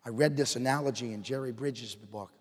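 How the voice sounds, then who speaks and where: A man preaching a sermon to his congregation in church, dropping to a hush and then rising to fired-up emphasis. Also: mid-range voice, brisk, husky. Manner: swings from hushed to fired-up emphasis. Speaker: pastor. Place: church sanctuary. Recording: long hall reverb.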